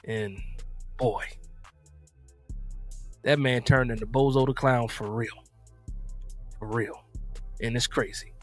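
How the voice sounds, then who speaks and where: A man's voice: medium pitch, fairly even intonation, slow pace, long pauses, faint music behind. A man from New Jersey hosting a live-stream football talk show, chatting loosely, repeating himself and reacting to viewer messages. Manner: loose, repetitive, reads and answers chat.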